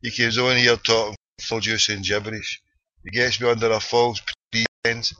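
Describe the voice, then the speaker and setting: A man's voice: fairly low pitch, flat delivery, normal speed, pushed and bright, slight background noise. A Scottish man hosting a late-night internet radio show, ranting and joking in slangy banter. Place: small cold room at home. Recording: dull lo-fi online radio stream.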